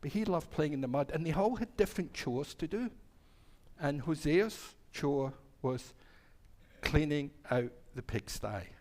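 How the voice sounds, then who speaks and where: A man's voice: on the high side, expressive, unhurried, a little mellow. A male minister telling a story to the children at a church service, acting out the voices and asking them questions. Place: congregation hall.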